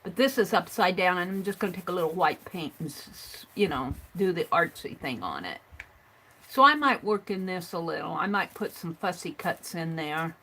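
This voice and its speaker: A woman's voice: on the low side, sing-song, normal speed, a bit bright, breathy edge, rough recording. A middle-aged woman chatting casually and rambling as she shows her crafts and reads out viewer comments on a livestream. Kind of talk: casual chat while crafting.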